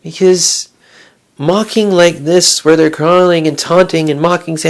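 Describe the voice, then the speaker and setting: A woman's voice: on the low side, steady tone, moderate pace. A woman giving a devotional Bible talk in an earnest, reflective way, asking her listeners one question after another. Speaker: Bible teacher.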